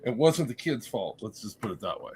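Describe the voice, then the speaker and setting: A man who coaches high school football, talking on a podcast panel in a wry, self-deprecating way. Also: very animated, brisk, darkish tone, a little hiss or hum. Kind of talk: casual podcast chat.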